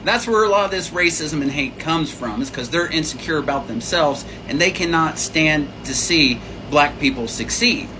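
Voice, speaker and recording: A man in a reaction video speaks in a blunt, scolding, sarcastic way. His voice sits a little high, and a steady air-conditioner hum runs under it. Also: normal speed, few pauses. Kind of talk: reaction commentary.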